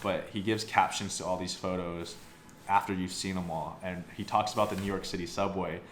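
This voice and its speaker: Deep-voiced young man, laid-back rambling. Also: fairly even intonation, brisk, a bit bright. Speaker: photobook reviewer. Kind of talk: casual review chat. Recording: roomy sound with faint background noise.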